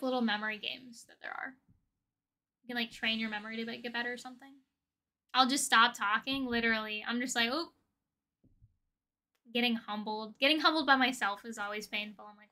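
A woman's voice: sits high, a little fast, sharp tone. A young woman hosting a livestream, chatting casually and rambling with a giggly manner. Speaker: livestream host.

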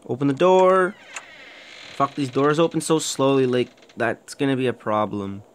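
A young man giving let's-play commentary on a horror game, jumpy, swearing a lot and shouting when startled. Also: medium pitch, moderate pace, a little hiss or hum. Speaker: gaming YouTuber.

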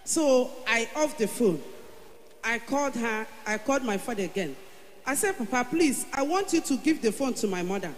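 A Nigerian woman giving an emotional church testimony, growing fervent and loud as she declares her prayers. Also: on the high side, animated, moderate pace. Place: large church hall. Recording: echoey church hall, faint hum.

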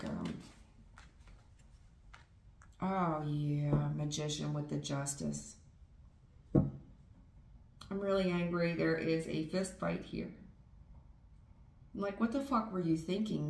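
A woman giving a casual tarot reading in a blunt, profane, animated way, acting out people's feelings as she goes. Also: low voice, vocal fry, reverberant, a little hiss or hum. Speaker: tarot reader.

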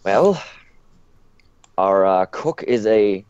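A man's voice: lowish voice, normal speed, a little mellow, no room sound. A man narrating as dungeon master, hesitant with many fillers. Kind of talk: narrating a tabletop game. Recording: dull lo-fi dry mic.

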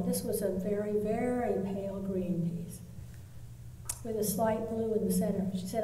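A woman artist telling a long story in a live talk, pausing often with fillers. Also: medium pitch, warm tone, slight background noise. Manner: anecdotal, with pauses and fillers. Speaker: artist interviewee. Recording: echoey hall, mic from far off, faint ambience.

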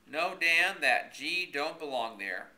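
A man's voice: a little high, lively intonation, takes it slowly, sharp tone, pitched above the performer's own voice, heavily acted. A man voicing a stubborn rural man who argues fussily about spelling, in folksy ungrammatical speech. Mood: lecturing. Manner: folksy rural grammar, argumentative.

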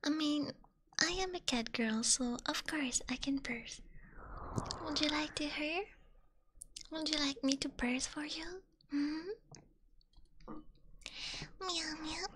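A woman with a French accent, a native French speaker, chatting as an ASMR streamer in a soft, giggly whisper with drawn-out words. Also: high-pitched, fairly even intonation, background noise.

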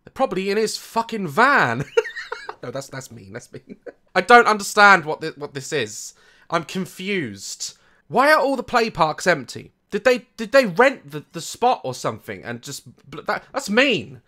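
A young man giving reaction commentary on a video, mocking it, swearing, laughing often and swinging between loud outbursts and muttered asides. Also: sits high, big pitch swings, normal speed. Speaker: YouTuber reacting to a music video.

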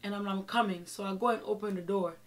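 A woman vlogger telling a personal story in a chatty, animated way, with many fillers. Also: medium pitch, fast talker. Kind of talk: casual storytelling.

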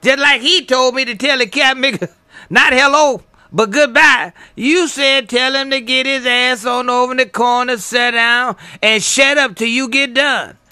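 A man's voice: very high-pitched, a little slow, sharp tone, clean tone, no room sound. A man chatting on CB radio, trading playful banter full of call signs and sign-offs. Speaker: CB radio operator.

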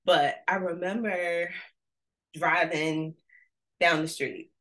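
A woman giving an energetic, playful motivational talk with call-and-response to a virtual audience. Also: fairly low pitch, takes it slowly. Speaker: conference speaker.

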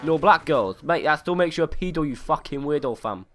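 A man's voice: fairly high pitch, expressive, a little fast, a bit bright, slight background noise. A man voicing a brash young male London chav troll in game voice chat, taunting and repeating slang tags with a put-on London street accent. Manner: taunting, repeating "mate" and "innit".

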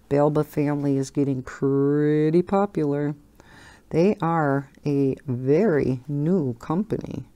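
Woman host, casual coloring chat, slow and easygoing, rambling with frequent laughs. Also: low voice, dark tone. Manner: chatty, rambling, laughs often.

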